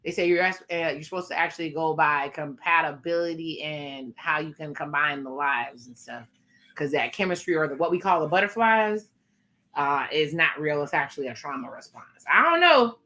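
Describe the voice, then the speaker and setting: A woman gives chatty, sassy commentary while reacting to a show. Her voice is fairly low but has a bright, forceful edge. She keeps turning to her viewers with quick asides. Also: lively intonation. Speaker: reaction video host.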